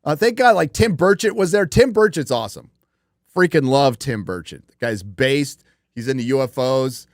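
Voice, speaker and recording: Brief: male livestream host, mid-pitched, loose rambling delivery with frequent swearing, dry close mic. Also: lively intonation, moderate pace, dry recording. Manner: rambling and profane, with many fillers and restarts. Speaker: podcast host. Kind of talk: casual live-stream chat.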